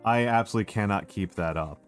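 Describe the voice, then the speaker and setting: Over faint background music, a middle-aged VTuber streamer from Chicago chats casually in a lowish, clean voice at a quick pace. His Chicago accent carries a touch of New York, and his talk rambles, corrects itself, and is packed with fillers.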